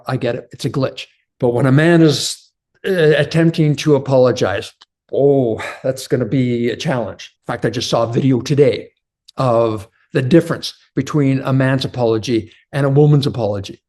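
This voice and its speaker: A man's voice: medium pitch, mellow. A man giving a motivational relationship talk to other men, earnest and direct, calling his listeners brothers. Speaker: men's relationship coach.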